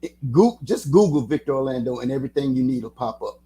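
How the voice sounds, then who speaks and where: A man in his seventies, a guest musician on a radio show, chatting casually and telling animated stories with quick voice impressions. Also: medium pitch. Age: 70s. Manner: animated storyteller, slips into impressions.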